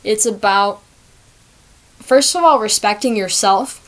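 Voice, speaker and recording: A woman's voice: mid-range voice, slow pace. A young adult woman hosting a solo podcast, chatting in a rambling, self-deprecating way. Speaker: podcast host. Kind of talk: casual solo podcast monologue.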